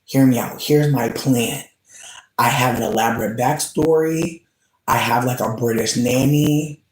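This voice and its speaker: A man's voice: medium pitch, unhurried. A man streaming and chatting with viewers, rambling and swearing with many fillers, often laughing as he talks. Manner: rambling, profane, full of "like" fillers; laughs often while talking. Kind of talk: casual livestream chat. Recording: roomy echo.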